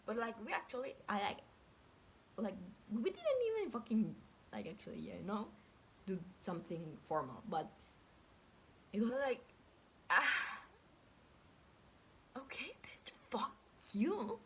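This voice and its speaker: A woman's voice: mid-range voice, wildly swooping pitch, measured pace, long pauses, a bit bright, a little hiss or hum. Young woman, casual profane storyteller, heavy on "like", quotes acted out. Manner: chatty and profane, packed with "like", acts out quotes. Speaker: vlogger.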